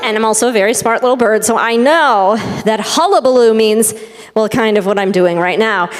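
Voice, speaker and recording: A woman's voice: on the high side, pitched below the performer's own voice, close to an everyday voice. A woman voicing a tiny, anxious female bird who fusses and exclaims breathlessly, recorded in a synagogue sanctuary. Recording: long hall reverb.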